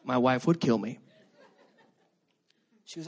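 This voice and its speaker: A middle-aged male pastor preaching a sermon, telling stories with animated energy and shouting at the high points. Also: a little fast. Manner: animated storytelling, shouting at peaks.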